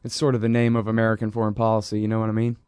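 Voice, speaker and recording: A man's voice: fairly low pitch, completely flat delivery, racing, a little mellow, smooth, dry recording. Man, talk radio host, casual, rambling, sarcastic, dry studio sound. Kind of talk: political talk show monologue.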